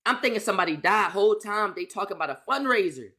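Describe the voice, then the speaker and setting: A young man telling a casual storytime as a streamer, animated and profane, firing off rhetorical questions and repeating lines for emphasis. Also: high voice, quick pace, a little hiss or hum.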